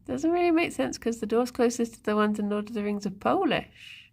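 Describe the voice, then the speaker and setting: A woman's voice: fairly high pitch, expressive, brisk, gravelly, darkish tone. A woman streamer in casual live-stream chat, musing aloud and talking to her viewers and pets. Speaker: livestreamer.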